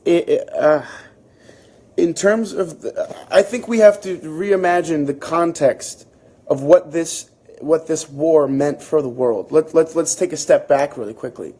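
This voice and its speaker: Gravelly-voiced man musing over a book. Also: on the high side, warm tone. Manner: thoughtful, halting, with repeated restarts. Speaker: book club host. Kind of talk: reading aloud and casual commentary.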